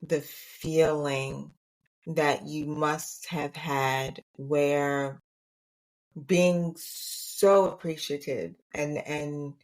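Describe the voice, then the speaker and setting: Woman, podcast host, slow unhurried speech, lowish voice, curious questions. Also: steady tone. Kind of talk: casual interview.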